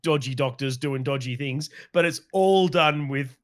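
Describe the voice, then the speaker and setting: A man's voice: mid-range voice, unhurried. A man co-hosting a horror film podcast in casual chat, enthusiastic and swearing freely. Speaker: podcast co-host.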